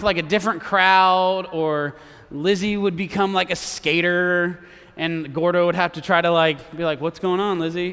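Young guy preaching to teens, high bright voice, chatty with jokes, goes quiet for the serious bits. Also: clean tone, big-room sound. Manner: conversational, drops to a hush for emphasis; jokey asides to a young audience. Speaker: youth preacher. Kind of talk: sermon.

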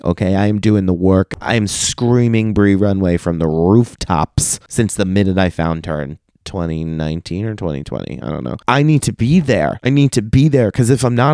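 Young adult man, podcast host, low voice, smooth, profane and theatrical, dry close sound. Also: dark tone, dry recording. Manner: profane, theatrical, acts out dialogue in shifting voices. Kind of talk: casual solo podcast rant.

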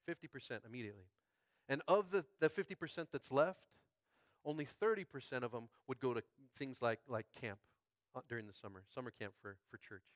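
A man preaching a sermon as pastor, fervent and calling out to his congregation, swinging from quiet musing to shouted climaxes. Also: medium pitch, brisk, no room sound, studio quality. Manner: calls out to the congregation. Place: school space used as a church.

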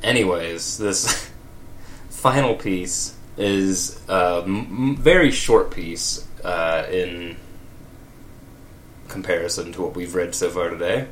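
A man's voice: low-pitched, fairly even intonation, slow pace, a little hiss or hum. A man reading comedic fan fiction aloud, with wry, laughing asides. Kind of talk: comedic read-aloud with commentary.

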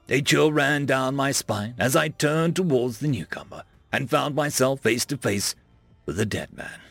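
Casting note: male audiobook narrator, gravelly, lively delivery, dry close sound, faint music under. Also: mid-range voice, measured pace, no echo. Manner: wry, conversational storytelling. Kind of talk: first-person sci-fi narration.

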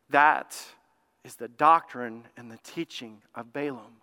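Energetic male pastor mid-sermon, clear ringing voice, long church echo. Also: mid-range voice, slow pace. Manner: energetic, emphatic preaching that rises to exclamations; addresses the congregation directly with questions. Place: church sanctuary. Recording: echoey church hall.

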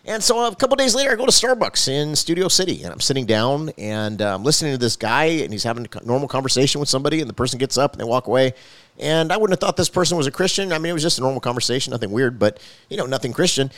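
Male pastor, quick earnest testimony, dry close sound. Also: medium pitch, expressive, fairly bright tone, no room sound. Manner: earnest storytelling with rising emphasis. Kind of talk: personal faith testimony.

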